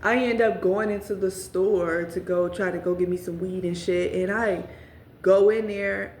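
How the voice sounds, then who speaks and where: Young woman, casual storytime vlogger, profane and chatty, mid pitch, echoey room. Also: measured pace, slight background noise. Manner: profane, animated, talks straight to viewers. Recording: roomy echo.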